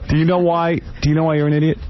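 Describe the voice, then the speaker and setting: A man's voice: fairly high pitch, level tone, racing. A man hosting a radio show, teasing his staff in banter and then turning earnest. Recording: dull lo-fi radio broadcast.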